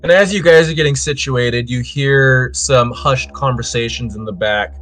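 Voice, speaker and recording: A man running a tabletop role-playing game as game master, narrating scenes in a measured, descriptive way. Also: medium pitch, fairly bright tone, soft background music.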